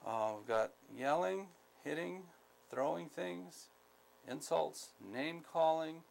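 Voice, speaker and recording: A man from the United States giving a skills training lecture, speaking deliberately, repeating key points, with many ums. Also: on the high side, gravelly, a little mellow, slight background noise, low-quality recording. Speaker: instructor.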